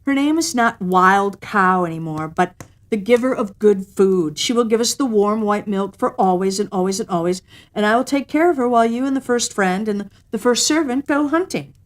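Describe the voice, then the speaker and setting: A woman's voice: medium pitch, normal speed, lightly acted. Storybook cave woman: firm, clever, declaring her terms, slightly raised voice, read by a woman. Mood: proud.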